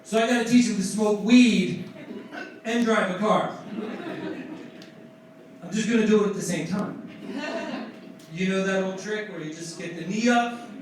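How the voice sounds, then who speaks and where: A man's voice: high-pitched, far from the mic. A man in his forties from New Jersey doing a profane, self-mocking stand-up set. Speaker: stand-up comedian. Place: comedy club stage. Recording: echoey club room, mic heard from afar with crowd noise.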